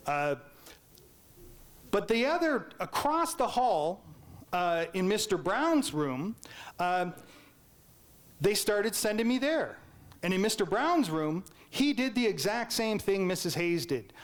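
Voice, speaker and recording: A public lecture comes from a man whose voice is high and light, with a Canadian accent. Playful and animated, he recounts his story, asks his audience things, and acts out how his teachers sounded.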